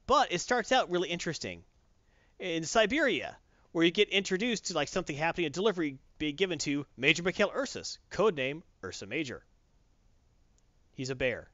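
Animated man recapping a comic, lo-fi. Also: a little high, no echo. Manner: animated, acts out characters' lines in quick voices. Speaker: comic book podcast host. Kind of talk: casual chat recapping a comic. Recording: dull lo-fi dry recording.

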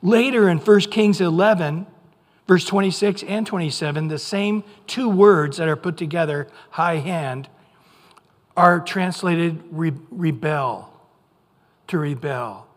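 An older man with an American accent, a pastor preaching a sermon in an animated way, acting out voices now and then. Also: a little high, slow pace. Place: church sanctuary. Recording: long hall reverb.

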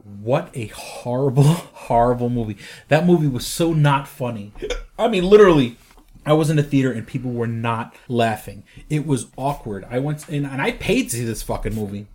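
A man's voice: medium pitch, lively intonation, normal speed, a little mellow. A man co-hosting a casual movie podcast, rambling and swearing, full of fillers and restarts. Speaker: podcast co-host. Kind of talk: casual chat about movies.

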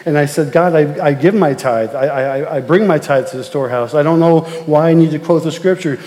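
A man's voice: a little high, fairly quick, darkish tone. A middle-aged man preaching a sermon as pastor, telling family stories and repeating words as he builds to emphatic exhortation. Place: church sanctuary. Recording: long reverb of a church hall.

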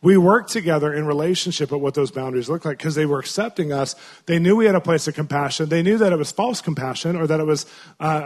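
A man preaching in an animated storytelling way, swinging between excited and hushed. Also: on the high side. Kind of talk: storytelling sermon.

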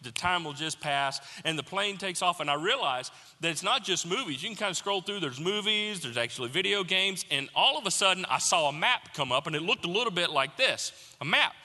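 Lively, bright-voiced preacher in a big hall. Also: male voice, high voice. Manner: animated storytelling, mock panic, then slow earnest appeal. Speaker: pastor. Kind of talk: sermon with personal story.

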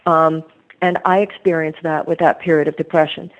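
A woman's voice: sits low, little pitch movement, normal speed, narrow, tinny audio. A woman author being interviewed, telling her story in an earnest, reflective way. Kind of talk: conversational interview.

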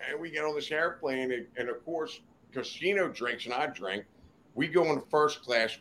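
A man's voice: mid-range voice, fairly bright tone, a little hiss or hum. An older man, a podcast guest in a studio, telling rambling, profane stories in a casual chat. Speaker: guest storyteller.

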